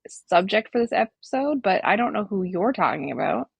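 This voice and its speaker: A woman's voice: medium pitch, big pitch swings, moderate pace, creaky, slightly rough, no room sound. A woman co-hosting a podcast, chatting casually in a blunt, joking way and laughing often. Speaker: podcast co-host. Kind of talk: casual chat.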